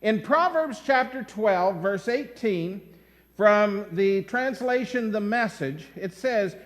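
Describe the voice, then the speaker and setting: Expressive high-voiced male pastor. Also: slow pace. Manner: storytelling, expressive. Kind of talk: sermon. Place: church sanctuary. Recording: long church-hall reverb.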